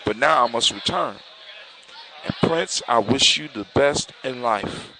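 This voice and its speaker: A grateful male ancestor spirit speaks in a hushed, solemn way, as a man acts him out in a told folktale. The recording carries a clear hiss behind the voice. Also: mid-range voice, expressive, a little slow, poor audio.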